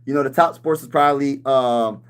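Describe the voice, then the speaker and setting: A man in his thirties hosting a casual sports livestream, talking loose and slangy, calling everyone "bro" and breaking into shouts when he gets riled up. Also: medium pitch, a little fast, clear, resonant tone. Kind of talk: casual livestream chat reading comments.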